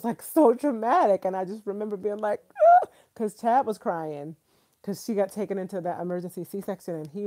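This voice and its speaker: A woman in her thirties hosting a live stream, gushing excitedly and chatting straight to her viewers. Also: medium pitch.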